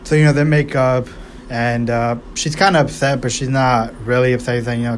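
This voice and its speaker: A man's voice: medium pitch, flat delivery, a little fast, a little hiss or hum. Rambling, swearing man breaking down a movie. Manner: rambling, profane, with many fillers and restarts. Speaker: movie reviewer.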